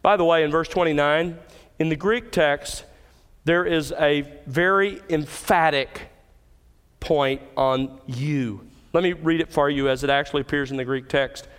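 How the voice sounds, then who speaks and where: A man preaching from the pulpit, his voice somewhat higher than most and smooth and resonant. He stresses key words with emphatic lifts. His voice rings out through a hall with a long reverb. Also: a little slow, fairly bright tone. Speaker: pastor. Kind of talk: expository sermon.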